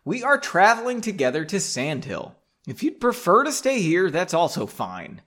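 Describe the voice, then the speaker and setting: Man reading a tired young male leader, dry and questioning, a bit high-pitched. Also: huge pitch swings, moderate pace, a bit bright, heavily acted. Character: weary young man leading mages.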